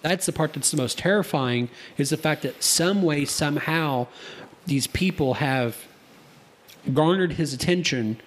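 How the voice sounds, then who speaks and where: A man's voice: on the high side, unhurried. A man co-hosting a casual podcast in a studio, telling stories in a rambling way with many restarts. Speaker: podcast co-host.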